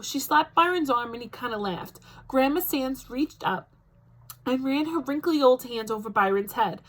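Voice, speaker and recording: High-voiced teacher reading a story aloud. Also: female voice, expressive, normal speed, poor audio. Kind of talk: reading a novel aloud to a class.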